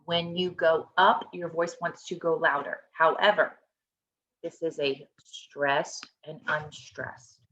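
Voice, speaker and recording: A woman's voice: sits low, flat delivery, slow, fairly bright tone. A woman teaching a choir lesson over a video call, explaining a score step by step and often checking in with "okay?". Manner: encouraging, instructive, checks in with "okay?". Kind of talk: online music lesson. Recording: dull lo-fi video call audio.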